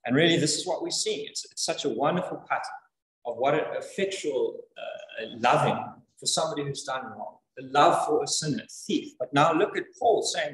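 A man preaching a sermon in an earnest, animated way, repeating words for emphasis. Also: fairly high pitch, normal speed. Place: church. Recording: echoey church hall.

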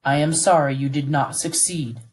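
A woman reading aloud who voices a stern, composed middle-aged army colonel in a calm, formal, measured way. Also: deep voice, natural voice. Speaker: read-aloud narrator voicing a character.

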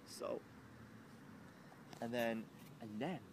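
A man's voice: medium pitch, drawn-out words, background noise. A young man venting to camera in an emotional personal rant, agitated and swearing, rambling with frequent restarts, recorded outdoors.

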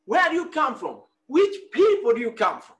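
A man's voice: very high voice, wildly swooping pitch, normal speed, fairly bright tone. A man preaching a sermon, prompting his listeners with call-and-response questions.

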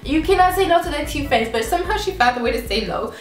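A young woman vlogger telling a story in an animated, dramatic way, acting out her mother's lines and laughing often. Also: sits high, fast talker. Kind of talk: casual storytelling vlog. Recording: echoey room, mic at a distance, faint music.

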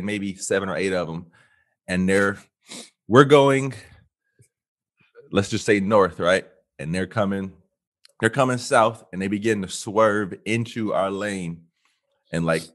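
A man telling a funny story on a casual podcast, animated and laughing often. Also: fairly low pitch. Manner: animated, yells in quoted lines, laughs a lot. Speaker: podcast co-host.

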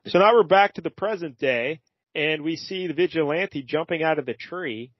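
A man's voice: on the high side, moderate pace, no room sound, muffled recording. A man co-hosting a podcast, chatting casually and rambling with lots of fillers about a comic. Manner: laid-back, rambling with many fillers. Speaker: podcast co-host. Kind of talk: casual chat recapping a comic.

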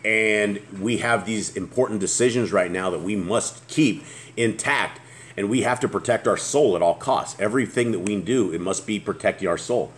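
A man's voice: fairly low pitch, moderate pace, slight background noise. A man hosting a casual scripture study, reading verses aloud and commenting in a chatty way. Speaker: host of a Torah study show.

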